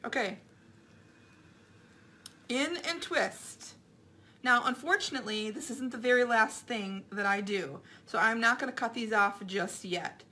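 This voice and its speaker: A woman's voice: fairly high pitch, normal speed, hardly any pauses, bright, forceful tone. Chatty woman crafting. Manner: rambling, restarts and repeats herself. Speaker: craft vlogger. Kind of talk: casual chat while crafting.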